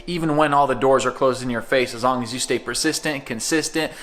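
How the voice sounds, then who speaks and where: Speaking into a phone camera, this man talks about his food in an upbeat, casual vlog style, doubling up words to stress them. His medium-pitched voice is fairly bright in tone and runs a little fast.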